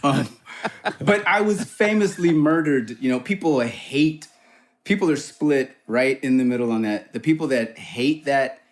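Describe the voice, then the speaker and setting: A man chatting as a podcast guest, telling stories with lively pitch and acting out the voices he quotes. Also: unhurried. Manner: animated storyteller, acts out quoted voices with jumps in pitch. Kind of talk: casual chat, storytelling.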